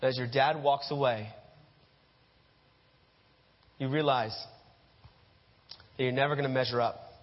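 A man's voice: medium pitch, steady tone, a little slow, long pauses. A man giving a sermon, telling stories in the second person and acting out scenes. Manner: addresses listeners as "you", acts out scenes. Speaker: preacher. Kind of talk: sermon storytelling. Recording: dull echoey hall.

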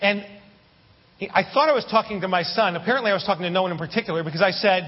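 A man preaching a sermon as a pastor, telling a story in an animated way with humorous asides. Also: sits high, quick pace, slight background noise. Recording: muffled sermon audio with long hall reverb.

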